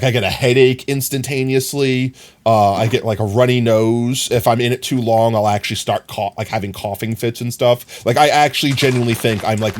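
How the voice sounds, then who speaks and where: A man talking live on his stream in a mid-range voice, easygoing and rambling. He fills his speech with little verbal fillers as he reads comments and drifts into animated personal stories. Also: medium pitch. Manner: reads and answers chat comments. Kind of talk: casual stream chat.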